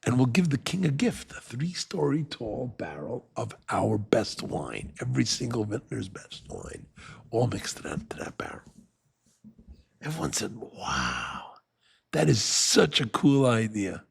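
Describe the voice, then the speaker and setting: A man's voice: mid-range voice, unhurried, gravelly, a little hiss or hum. A man telling a parable in a sermon, acting out the characters as he goes. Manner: animated storyteller acting out the characters. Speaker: rabbi. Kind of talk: sermon storytelling.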